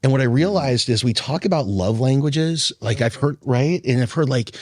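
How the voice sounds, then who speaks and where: Husky dude telling a story in a roundtable, lots of like and right, dry mic. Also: male voice, medium pitch, animated, moderate pace, no echo. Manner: earnest storyteller with many fillers. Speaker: roundtable guest. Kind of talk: candid roundtable discussion.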